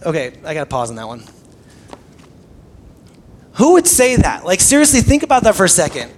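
A young man preaching a sermon conversationally, swinging between loud emphasis and hushed, intimate tones. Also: sits high, wildly swooping pitch, a little fast, long pauses. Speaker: pastor.

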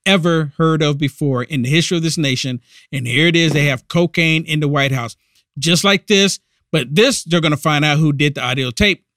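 A man's voice: sits high, a bit bright, dry recording, studio quality. A man hosting a political podcast, giving indignant, emphatic commentary. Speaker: podcast host.

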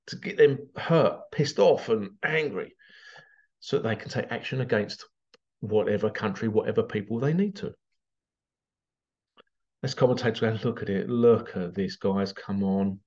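A man's voice: mid-range voice, creaky, dull audio. A man talking casually to camera in a rambling way, full of sarcastic rhetorical questions. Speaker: vlogger.

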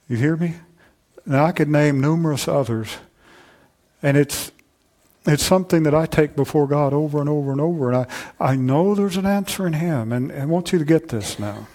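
A man preaching a sermon to his congregation, shifting between loud, fervent passages and low, intimate asides, often repeating "I'm telling you". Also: moderate pace. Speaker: pastor.

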